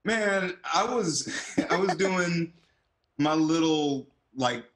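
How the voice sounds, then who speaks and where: A man in his forties, an actor, chatting as an interview guest over a video call and telling stories animatedly, with loud excited quotes. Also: on the high side, takes it slowly, low-quality recording. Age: 40s.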